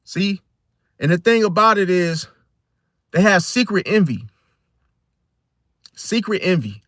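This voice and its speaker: A young man, ranting casually as an astrology content creator, animated and full of street slang. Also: sits high, slow pace, no room sound, clean studio sound.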